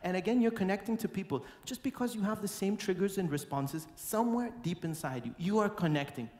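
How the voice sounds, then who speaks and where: A man with a high voice gives a keynote on stage in a large conference hall. He is lively and playful. His voice rings out with a long, echoing reverb, and faint music sits underneath. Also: brisk. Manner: lively and playful, breaking into song and acting out quotes. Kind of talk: keynote talk to a live audience.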